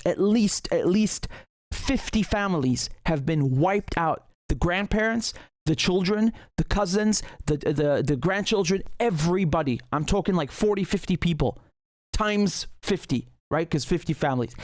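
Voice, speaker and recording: A man's voice: fairly high pitch, no echo, studio quality. A man giving heated, indignant solo commentary, sarcastic at times, often stumbling and restarting his sentences. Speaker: political commentator.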